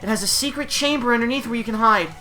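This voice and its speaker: A man voicing a young green-haired woman from a game, an urgent, secretive character, in a hammy, deliberately bad voice. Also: extremely high pitch, sharp tone, faint music behind, voice pushed up.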